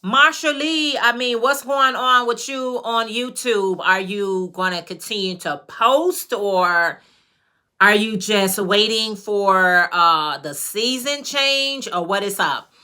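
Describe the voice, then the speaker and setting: A woman's voice: medium pitch, pushed and bright. A woman from Chicago with a Chicago accent, chatting casually with her viewers on a livestream while she crochets hats. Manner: chatty, greets viewers by name, drawn-out phrases. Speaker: livestream host and crochet maker.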